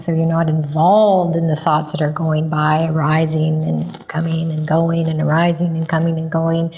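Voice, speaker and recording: Slow, husky woman teaching calmly. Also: low-pitched. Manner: calm, unhurried, gently explaining. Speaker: meditation teacher. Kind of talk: spiritual teaching dialogue. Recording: dull lo-fi recording.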